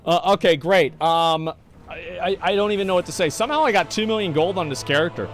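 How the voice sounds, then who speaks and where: A man's voice: high voice, expressive, fast, over music. Profane, exasperated male streamer. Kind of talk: casual livestream commentary answering chat.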